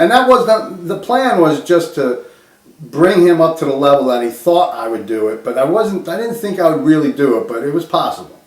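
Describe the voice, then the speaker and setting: A man's voice: mid-range voice, very animated, normal speed. A man telling a personal story in casual first person, rambling with many restarts and acted-out quotes. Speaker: storyteller recounting a personal crisis. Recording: roomy echo, voice from a distance.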